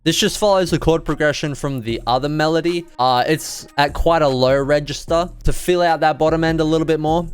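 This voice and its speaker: Smooth-voiced man explaining a beat. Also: fairly high pitch, fairly quick, few pauses, faint music behind. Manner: relaxed, explanatory, casual phrasing. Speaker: music producer. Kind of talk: beat-making tutorial walkthrough.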